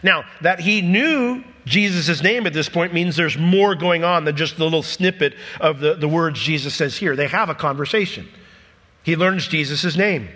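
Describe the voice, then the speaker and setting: Male pastor, sermon, husky bright voice, animated storyteller, reverberant church hall. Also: on the high side.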